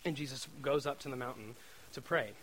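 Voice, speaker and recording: A man giving a casual sermon in a chatty, joking way, often asking "right?" and getting louder and higher when excited. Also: brisk, slight background noise, rough recording. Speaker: preacher.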